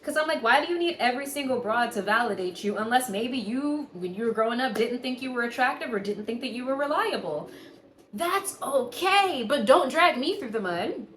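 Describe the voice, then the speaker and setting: A woman's voice: fairly high pitch, lively intonation, brisk, hardly any pauses, fairly bright tone, roomy sound, a little hiss or hum. A woman giving a casual, candid astrology reading, swearing freely and laughing often. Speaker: tarot reader.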